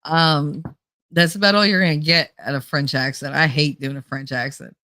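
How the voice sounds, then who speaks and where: Jersey lady rambling on her stream, kinda low voice, stuffy nose, dry close mic, laughs a lot. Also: fairly even intonation, moderate pace, bright, forceful tone, no echo. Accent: New Jersey. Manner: laughs often, rambling and candid. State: stuffy nose, sounds nasal. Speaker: livestreamer. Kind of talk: casual chat.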